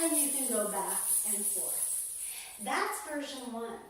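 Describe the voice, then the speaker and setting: A woman teaching a belly dance lesson, calmly counting out the beats as she demonstrates, recorded in a dance studio on a camera mic set far off. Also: a little high, a little slow. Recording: echoey room, mic far off, faint noise.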